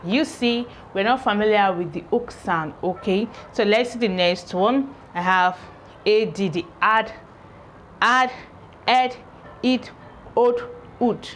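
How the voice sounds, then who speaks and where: Slow-drilling woman teaching pronunciation. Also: mid-range voice, slight background noise. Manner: repeats each word several times, deliberate drilling. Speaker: English teacher. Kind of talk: pronunciation lesson, repeating words slowly.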